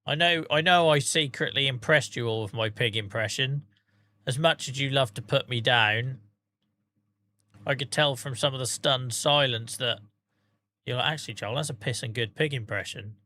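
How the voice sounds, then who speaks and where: A man's voice: mid-range voice, moderate pace, bright, forceful tone. A tired man chatting casually to viewers on a live stream, rambling, swearing freely and laughing at himself. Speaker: game streamer.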